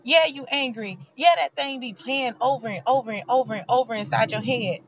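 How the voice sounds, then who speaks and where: Woman, motivational faith talk, casual and earnest, slightly high voice, dull recording. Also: brisk, a little hiss or hum. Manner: heartfelt, preachy, conversational. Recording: dull lo-fi sound.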